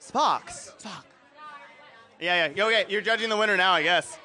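A man's voice: high voice, fast talker, sharp tone. A man hosting a podcast, joking and bantering in casual chat. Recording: faint crowd chatter behind.

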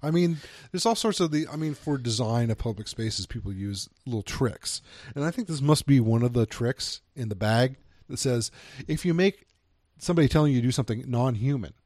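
A man's voice: medium pitch, animated, a little fast, few pauses, darkish tone, no room sound, studio quality. A man co-hosting a film podcast, chatting casually and reading review quotes aloud with hesitant restarts. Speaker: podcast co-host.

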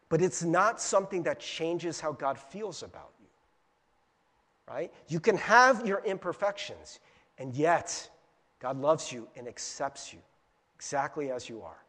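A high, lively male pastor with a husky edge, preaching in a chatty, animated way that jumps into little acted-out inner voices. His voice rings with the long reverb of a church hall. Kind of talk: sermon.

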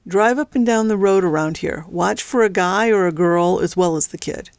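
A cold, bossy criminal ringleader, put on by a woman reading aloud. The voice stays low and curt. It is recorded close and dry. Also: normal speed, a little mellow, smooth, no room sound, natural voice. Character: gruff male crime boss, cold and controlling.

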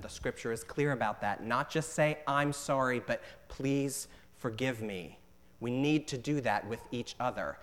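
An earnest man preaching from the pulpit in a mid-pitched voice. He reads scripture slowly and with weight. He explains plainly between readings. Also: fairly bright tone. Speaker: pastor. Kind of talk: sermon.

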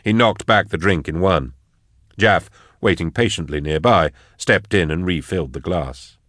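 A man narrating an audiobook in an even, measured delivery. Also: sits low, dry recording, studio quality. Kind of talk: scripted narration.

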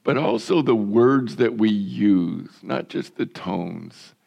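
An older man preaching a sermon as pastor, his voice hoarse and gravelly, earnest and measured, often repeating words. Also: lowish voice, a little mellow, lo-fi sound.

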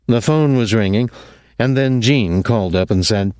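A man narrating an audiobook in a measured, even way. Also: fairly low pitch, smooth, no room sound, studio quality.

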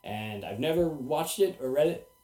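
A man's voice: fairly high pitch, normal speed. A man hosting a casual podcast, chatting and acting out quotes with lots of laughter. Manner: animated, acts out quotes, laughs often. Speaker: podcast host. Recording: roomy echo.

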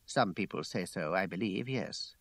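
A man reading aloud voices a smooth, evasive gentleman in a lower, measured tone. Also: no room sound, studio quality.

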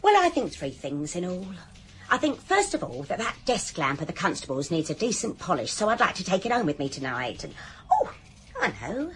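A woman's voice: lowish voice, very animated, brisk, a little hiss or hum. An actress playing a nosy, cheeky older charwoman in a radio sitcom, who chats on and calls everyone "dear". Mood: chatty, knowing. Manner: chatty, calls everyone dear, says ruddy and ain't.

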